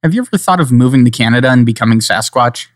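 A man's voice: medium pitch, expressive, quick pace, dry recording. Joking male podcast co-host, dry close mic. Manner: joking, rambling, slips into playful accents. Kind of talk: casual chat.

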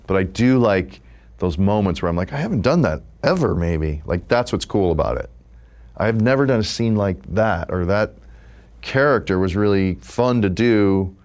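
A man's voice: deep voice, normal speed, clear, resonant tone. A man in his fifties, an improv comedian, talking casually in an interview with lots of "like" fillers. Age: 50s. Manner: relaxed, rambling with many "like" fillers.

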